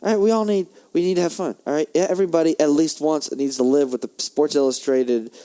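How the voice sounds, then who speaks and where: A young man hosting a podcast, ranting in a heated, profane monologue that swings between loud outbursts and low muttering. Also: steady tone, fast, clear, resonant tone. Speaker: podcast host.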